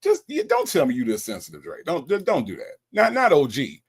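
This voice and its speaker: Male show host, gravelly, swings up and down in pitch, teasing banter. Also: fairly quick. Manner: teasing, repetitive, animated. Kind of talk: casual commentary on a call recording.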